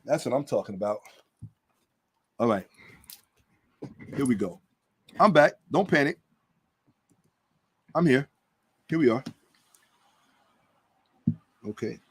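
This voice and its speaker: A man's voice: medium pitch, animated, husky. A middle-aged man hosting his own channel, talking casually and emphatically, drawing out key words as he tells a story. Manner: emphatic, drawn-out stresses, storytelling. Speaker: host. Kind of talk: casual monologue commentary.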